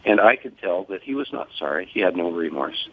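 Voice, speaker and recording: An older man and grieving father speaking on a phone-in interview, measured, formal and deliberate. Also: deep voice, lively intonation. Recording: tinny phone line.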